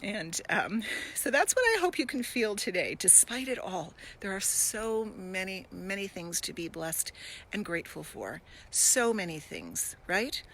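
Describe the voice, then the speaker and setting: A woman's voice: medium pitch, very animated, unhurried, fairly bright tone, rough recording. A middle-aged woman hosting a casual live stream from her garden, talking to viewers in a gushing, emotional, encouraging way. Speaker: wellness host.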